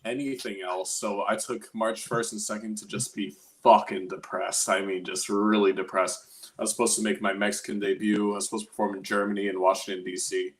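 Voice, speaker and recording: A man in his twenties, an opera singer, telling his story in a rambling, candid, casual way. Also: lowish voice. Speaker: guest, opera singer and grad student.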